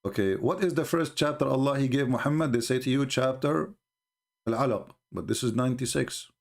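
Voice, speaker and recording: A man giving live-streamed commentary in an emphatic, scornful, mocking manner, often halting with fillers and restarts. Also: medium pitch, gravelly.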